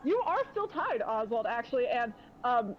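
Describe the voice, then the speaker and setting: A woman's voice: a little high, sing-song, moderate pace, slight background noise. A young woman narrating a tabletop game as game master, rambling with many fillers. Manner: rambling, filler-heavy, laughing often. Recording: dull lo-fi audio.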